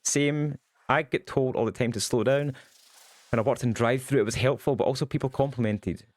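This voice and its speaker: A young man chatting casually while streaming a game, goofy and quick, with lots of ums. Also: mid-range voice, no echo. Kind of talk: casual livestream chat while gaming.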